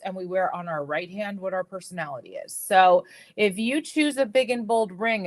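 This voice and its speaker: A middle-aged woman chatting casually on a live stream about jewelry, telling stories with lots of fillers and repeated words, with a slight whistle in her speech from a missing tooth. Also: medium pitch. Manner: chatty, animated storytelling with frequent fillers and repeats.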